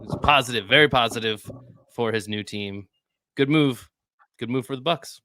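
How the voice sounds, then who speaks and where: A man's voice: medium pitch, normal speed, bright, forceful tone, no room sound. A man co-hosting a casual basketball chat, answering with short dry quips. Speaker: basketball podcast co-host.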